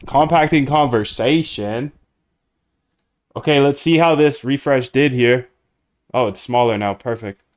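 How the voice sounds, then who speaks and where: A man's voice: medium pitch, a little slow, pauses often, dry recording. A man hosting a casual livestream, coding aloud and bluntly reacting to chat. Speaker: livestream host.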